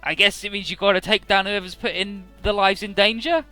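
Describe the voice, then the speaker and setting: A man's voice: sits high, fairly even intonation, fairly quick, pushed and bright, clean tone, faint music behind, voice pushed up. A man doing a blunt, swearing young pilot girl. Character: tough foul-mouthed young woman pilot. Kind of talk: paraphrased game dialogue.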